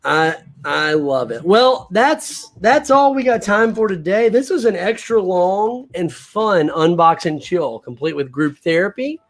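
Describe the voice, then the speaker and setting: A man's voice: sits high, lively intonation, measured pace, few pauses. A man hosting a casual live toy unboxing stream, enthusiastic and laid-back.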